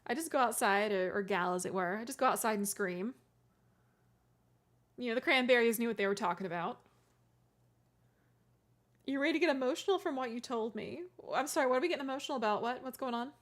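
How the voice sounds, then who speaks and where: A woman's voice: on the high side, a little fast, long pauses. Chatty giggly woman streamer. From California. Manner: chatty, giggly, self-deprecating, restarts words. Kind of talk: casual chat with live chat.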